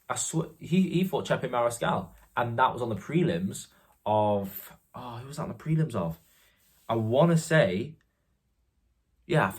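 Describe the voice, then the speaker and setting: A young man giving casual fight predictions in a rambling, forgetful way, often stopping to correct himself. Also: lowish voice.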